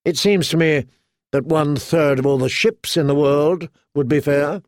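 A man voicing a proud, shrewd young exiled queen who speaks calmly and firmly. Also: fairly high pitch, no echo, studio quality, lightly acted. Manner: calm, measured, firm.

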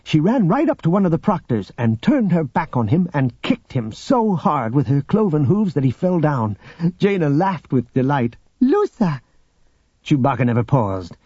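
A man narrating an audiobook in a steady, expressive storytelling manner. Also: on the high side, normal speed, slightly rough, no echo. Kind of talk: scripted narration. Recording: dull lo-fi audio with music.

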